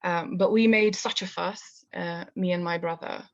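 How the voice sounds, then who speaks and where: Heard through lo-fi audio, a woman from Kashmir with a fairly low voice narrates a story live. She is calm and measured, though her free talk becomes hesitant and filled with fillers.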